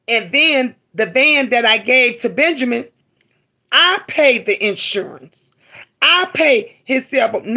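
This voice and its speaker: A woman's voice: a little high, sharp tone. A middle-aged woman hosting a live stream, talking to her viewers with emotion and often repeating herself for emphasis. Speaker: livestream host.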